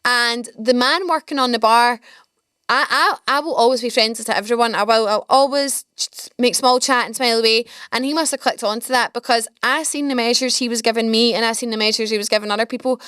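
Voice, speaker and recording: A young Scottish woman hosting a podcast, rambling through stories in an excitable, chatty way. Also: on the high side, a little fast, smooth, no room sound, studio quality. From Scotland. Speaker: podcast host. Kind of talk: casual storytelling chat.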